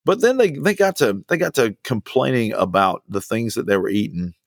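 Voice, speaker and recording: A man preaching a sermon with fervent repetition and sudden swings of pitch. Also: animated, moderate pace, vocal fry, dry recording, clean studio sound. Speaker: pastor.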